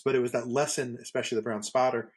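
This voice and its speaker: Husky-voiced man telling rambling stories. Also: medium pitch, steady tone, quick pace. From Northeastern United States. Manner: rambling storyteller, many fillers and restarts. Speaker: podcast co-host. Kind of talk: casual conversation.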